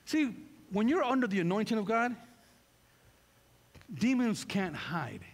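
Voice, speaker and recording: A man's voice: high-pitched, big pitch swings, unhurried, gravelly, in a large hall. A man pastor preaching a sermon, fervent and full of repeated rhetorical questions.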